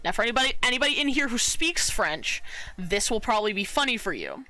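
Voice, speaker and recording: Bright-voiced chatty woman streamer. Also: on the high side, big pitch swings, fast talker. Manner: chatty, rambling, lots of fillers, swears casually. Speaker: art streamer. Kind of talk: casual storytelling to chat.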